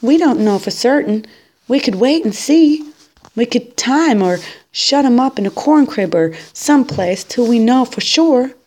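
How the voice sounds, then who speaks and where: A woman voicing a young frontier farm boy who pleads in a high, breaking voice in a storybook reading. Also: animated, unhurried, warm tone. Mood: pleading.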